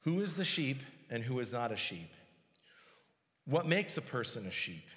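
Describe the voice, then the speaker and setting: A man's voice: medium pitch, big pitch swings, moderate pace, fairly bright tone. A man preaching a sermon, reading scripture aloud and explaining it verse by verse with emphasis. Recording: long hall reverb.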